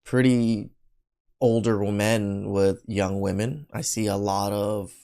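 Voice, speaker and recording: A podcast co-host reacting to a clip with blunt, incredulous comments and loud exclamations. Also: female voice, very deep voice, fairly even intonation, takes it slowly, clean tone.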